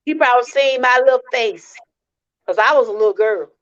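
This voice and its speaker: Woman with a high voice doing a livestream testimony, earnest, keeps repeating herself to viewers, dull lo-fi sound. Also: a little fast. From Georgia, US. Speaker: channel host. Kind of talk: live-stream testimony talk.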